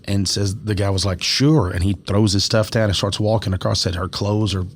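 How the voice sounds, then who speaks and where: A man's voice: on the low side, little pitch movement, a little fast, slightly rough. A man co-hosting a podcast, telling a strange story in casual chat and acting out the quoted lines with animation. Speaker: podcast co-host.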